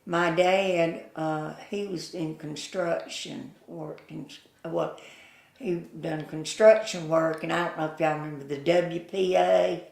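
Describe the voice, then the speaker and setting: A woman's voice: deep voice, fairly even intonation, gravelly, a little mellow, reverberant. An older woman with a Southern US accent, telling folksy stories in an oral history interview. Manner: slow, folksy, chuckling storyteller who acts out quoted voices.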